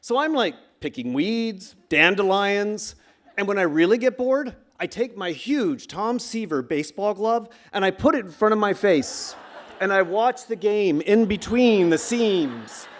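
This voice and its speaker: Animated man telling a true story on stage. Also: high-pitched, unhurried. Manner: animated, acts out the shouts of coaches. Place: stage before a live audience.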